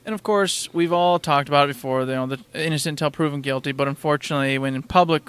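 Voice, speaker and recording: Man, podcast co-host, casual chat, slightly high pitch, smooth resonant tone. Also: fast, a bit bright. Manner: acts out crowd reactions in quoted voices.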